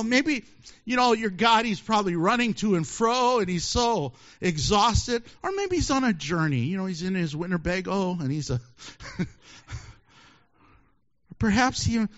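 A high-pitched male preacher delivers a sermon full of jokes, his voice leaping up and down as he acts out the scene. He laughs often between lines. The recording sounds dull and lo-fi. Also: animated, measured pace, long pauses, a bit bright. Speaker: pastor.

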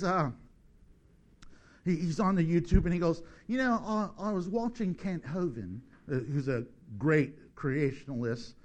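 A middle-aged man preaching a sermon, joking and acting out little voices as he goes. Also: high voice. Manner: animated, joking, acts out voices.

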